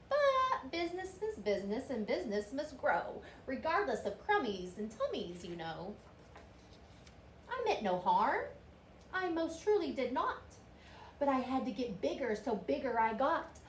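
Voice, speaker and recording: A woman reading a rhyming storybook aloud with a rhythmic, expressive delivery. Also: high-pitched. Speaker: reader. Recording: roomy with faint hiss.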